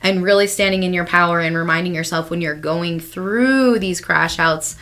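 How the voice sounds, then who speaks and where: A woman's voice: fairly low pitch, moderate pace, fairly bright tone. A woman with a Chicago accent co-hosting a podcast, chatting casually about spiritual growth in a rambling way full of "like" and "um". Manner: rambling, heavy on "like" and "um". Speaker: podcast co-host.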